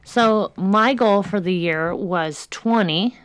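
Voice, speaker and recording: A chatty woman co-hosting a casual podcast chat. She talks in an easy, conversational way and acts out quotes with lively asides. Her voice is recorded dry and close, with no room sound. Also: mid-range voice, slow, smooth, no room sound. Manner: chatty, animated retelling. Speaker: podcast co-host.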